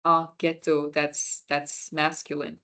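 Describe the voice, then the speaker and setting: A woman teaches a small beginner class over a computer mic. Her voice sits low and she takes her time. She talks in a chatty, informal way, answering students' messages and fixing her own slips as she goes. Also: monotone, takes it slowly, a bit bright, smooth. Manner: chatty, self-correcting, reads out chat answers. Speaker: volunteer French workshop teacher. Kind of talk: casual online class teaching.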